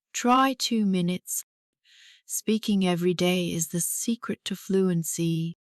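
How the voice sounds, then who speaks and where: A woman teaches an English speaking lesson at a very slow, deliberate pace, with a slightly low voice. She sounds encouraging and leaves pauses for repetition, recorded as a close, dry voice-over. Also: no echo.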